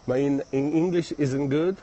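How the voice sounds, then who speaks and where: A man's voice: fairly high pitch, mellow. Chatty Italian-accented man on a street. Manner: friendly, chatty, halting non-native phrasing. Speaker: live streamer. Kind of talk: casual live-stream chat, reading viewer comments. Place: outdoors on city streets, walking.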